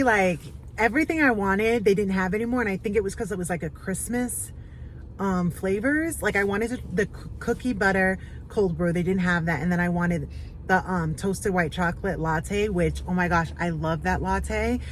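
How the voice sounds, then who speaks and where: A woman talks casually through her day for a small business vlog. Her voice sits at a middling pitch, upbeat and rambling, with frequent fillers. A faint hiss runs under the recording. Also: moderate pace, poor audio. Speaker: small business owner vlogging.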